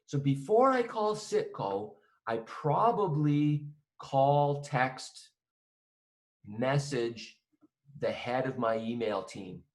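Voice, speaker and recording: A man's voice: mid-range voice, expressive, slow. A man teaching an accounting lesson in a conversational way, acting out both sides of a phone call with a client.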